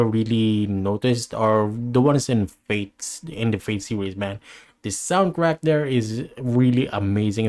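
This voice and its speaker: A man with a somewhat low voice hosts a reaction video. He talks casually and muses out loud. He trails off and restarts often and laughs along the way. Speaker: reaction channel host.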